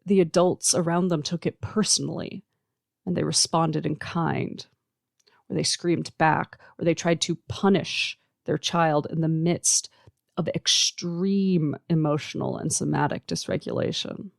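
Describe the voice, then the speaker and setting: An adult podcast host who works with teenagers gives an earnest, emphatic solo monologue, laying out points in slow, measured lists. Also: medium pitch, steady tone, vocal fry, no echo, studio quality.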